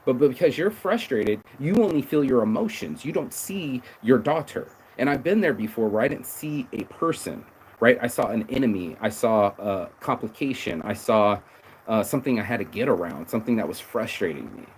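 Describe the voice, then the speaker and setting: A man's voice: medium pitch, lively intonation, moderate pace, low-quality recording. A man speaking his mind in a loose, rambling monologue, swearing casually and owning up to his faults. His voice sits in an ordinary middle register, with a faint hiss beneath it. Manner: blunt, profane, rambling and emphatic; confessional, self-critical. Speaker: podcast host.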